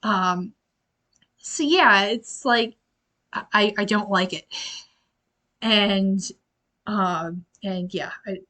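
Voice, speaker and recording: A woman's voice: medium pitch, very slow, long pauses, pushed and bright. A young woman hosting a casual book review, exasperated and rambling with many fillers. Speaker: library video host.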